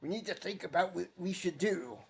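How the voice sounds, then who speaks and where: A man voicing an old male cat-folk village elder in a video game, gruff and proud with a huffy, blustering manner. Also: high voice, brisk, pitched above the performer's own voice, exaggerated voice. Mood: reminiscing. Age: older.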